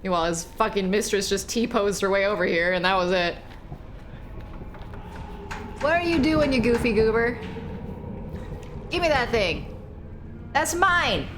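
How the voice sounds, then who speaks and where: A woman streamer giving casual, animated commentary while playing a horror game, swearing, laughing and chatting with viewers. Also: mid-range voice, a little slow, pauses often, background noise.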